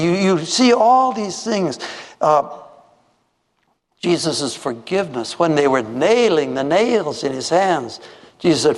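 Man, storytelling preacher, slightly high, animated, acts out voices, reverberant hall. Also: takes it slowly. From Minnesota. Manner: animated, acts out voices in his stories, many restarts. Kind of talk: storytelling sermon. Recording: echoey hall.

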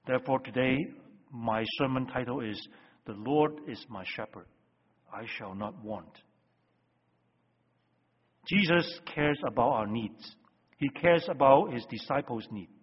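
A man preaching a sermon as pastor, emphatic, with loud stresses that drop to hushed phrases. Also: mid-range voice, a little slow, long pauses, husky. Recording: dull lo-fi sound with long hall reverb.

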